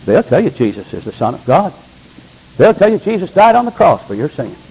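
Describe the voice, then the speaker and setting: A man preaching a sermon from the pulpit, asking the congregation rhetorical questions and swinging between low, emphatic lines and high exclamations. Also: big pitch swings, brisk, vocal fry, a little mellow, husky, rough recording. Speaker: pastor. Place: church.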